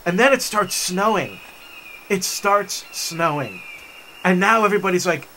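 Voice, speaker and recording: Bright, animated man telling stories. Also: high voice, measured pace, slight background noise. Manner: animated, enthusiastic storyteller. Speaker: vlog host. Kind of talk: storytelling while hiking. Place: forest trail outdoors.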